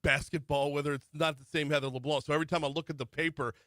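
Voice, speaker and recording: A man's voice: on the high side, fairly even intonation, fast, a bit bright, no echo. A middle-aged man hosting a morning talk radio show, running through the news with chatty asides. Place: radio studio. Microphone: studio microphone.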